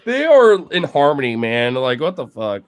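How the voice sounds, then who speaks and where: Excitable pet-owner type, man, lively voice that swoops high and low, baby-talks his dogs, cusses casually. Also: moderate pace, clean tone. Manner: excitable, cooing baby talk to pets, bursts of laughter, casual swearing. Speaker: video creator talking to his dogs. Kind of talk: casual commentary over pet footage.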